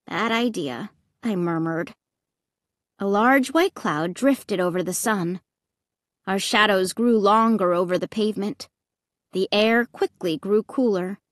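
Slow, expressive woman reading a scary story. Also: medium pitch, no room sound, clean studio sound. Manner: dramatic, expressive. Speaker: narrator.

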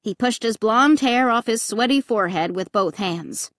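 A woman narrating an audiobook in the first person, with expressive, dramatic storytelling on a close mic. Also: a little high, moderate pace, no echo.

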